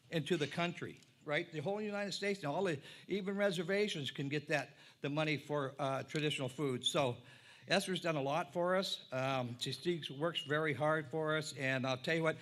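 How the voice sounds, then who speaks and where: A man who is the tribal council president giving a plain-spoken, halting introduction speech at a public event, often repeating words. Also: on the high side, a bit bright. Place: public event before an audience.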